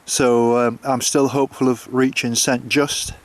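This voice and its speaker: A man's voice: medium pitch, level tone, measured pace, dry recording. A man walking a coastal path and chatting to the camera, hesitant, with many fillers and restarts. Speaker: walking vlogger. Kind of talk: casual chat to camera.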